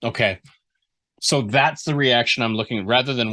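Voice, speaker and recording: A man with a bright, forceful voice talks through notes on a story chapter. He rambles, circles back and restarts his sentences as he works out his thoughts, in an easygoing critique over a call. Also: medium pitch, moderate pace. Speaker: writing mentor giving feedback. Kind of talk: casual critique session.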